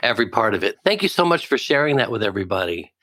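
A podcast host interviewing a guest, enthusiastic and quick to laugh. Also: mid-range voice, sing-song, a bit bright, a little hiss or hum. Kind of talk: casual interview chat.

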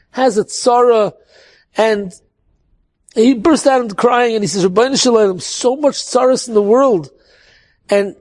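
High-voiced man telling an earnest story. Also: a little mellow. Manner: earnest, sprinkled with Hebrew and Yiddish words.

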